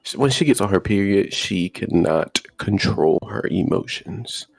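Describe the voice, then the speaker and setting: A young man telling a story in casual chat, animated and laughing often. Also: on the low side, unhurried, vocal fry, no echo. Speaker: podcast co-host.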